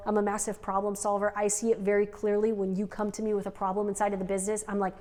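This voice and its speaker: A woman's voice: mid-range voice, monotone, fast talker, few pauses, a little mellow. A woman co-hosting an unscripted couple's podcast, talking in a rambling way with frequent "like" and "right?". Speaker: podcast co-host. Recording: long reverb.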